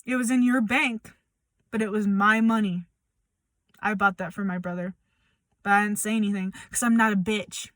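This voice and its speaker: A woman's voice: medium pitch, steady tone, normal speed, long pauses, a bit bright, no echo. A young woman speaking bluntly and confrontationally in a personal update vlog, swearing as she calls someone out. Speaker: vlogger.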